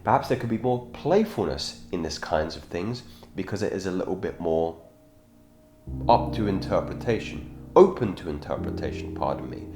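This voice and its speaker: Deep-voiced man coaching in an echoey room. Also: lively intonation. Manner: measured, thoughtful, self-correcting with fillers. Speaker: self-improvement channel host. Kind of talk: instructional monologue on speaking. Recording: echoey room with background guitar music.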